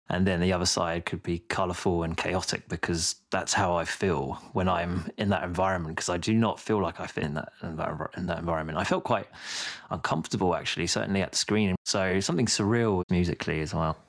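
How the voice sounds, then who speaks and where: A man, a guest composer raised in France, talking reflectively in a casual podcast chat with light laughs. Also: low-pitched.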